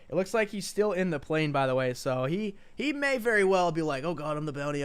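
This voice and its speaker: A man with a New York accent hosting and casting an online game tournament, chatting loosely with viewers between plays. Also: on the high side. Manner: chatty, rambling asides to viewers. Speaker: tournament host and spectator caster. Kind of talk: live-streamed game commentary.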